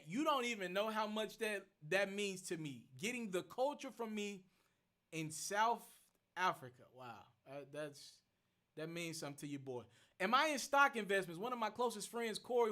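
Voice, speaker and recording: A young man hosting a casual phone livestream, rattling off rapid shout-outs to viewers and answering their questions. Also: sits high. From Memphis. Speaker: livestream host.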